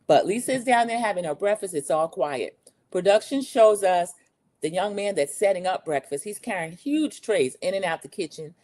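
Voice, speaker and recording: Speaking at a moderate pace with a mid-range, expressive, slightly mellow voice, a middle-aged woman of Gen X age, 40s to 50s, hosts a chatty reality TV recap. She's opinionated and eager to share her views, acting out quotes in a raised voice.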